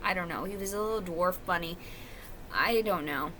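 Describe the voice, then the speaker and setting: A woman's voice: fairly low pitch, moderate pace, sharp tone, a little hiss or hum. Woman in a rambling, profane home monologue. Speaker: vlogger. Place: at home, indoors.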